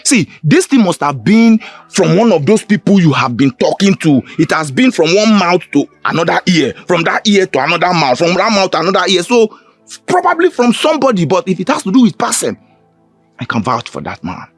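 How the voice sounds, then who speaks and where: In this Nollywood scene, a Nigerian-accented actor voices an accused young friend defending himself, speaking high and sing-song at a brisk clip with a breathy edge and an exaggerated delivery. The film audio has no echo and carries background music.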